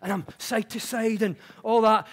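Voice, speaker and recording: A man giving a conference talk, mixing explanation with chatty, self-mocking personal stories that grow animated. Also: sits high, moderate pace, slightly rough. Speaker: conference speaker. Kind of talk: public talk with personal anecdotes. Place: conference stage before an audience.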